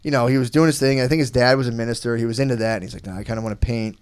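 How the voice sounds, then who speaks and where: A man rambles through a long story as a podcast guest, swearing freely in loose casual chat. His pitch sits right in the middle for a man, and he drifts between half-muttered asides and louder bursts. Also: steady tone, racing, clean tone. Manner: rambling, profane storytelling with frequent laughs.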